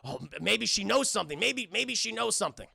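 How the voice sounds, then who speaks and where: A man's voice: high voice, big pitch swings, creaky, bright, forceful tone, slightly rough, dry recording, clean studio sound, exaggerated voice. A man doing a panicky scared girl. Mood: anxious. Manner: rushed, panicky, pleading. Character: scared young girl, anxious and pleading.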